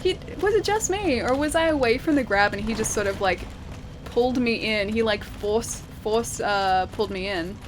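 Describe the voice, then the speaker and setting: A woman's voice: on the high side, normal speed. A woman with an Australian accent giving chatty live gameplay commentary, laughing often and thanking viewers as she plays. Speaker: game streamer. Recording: steady background noise.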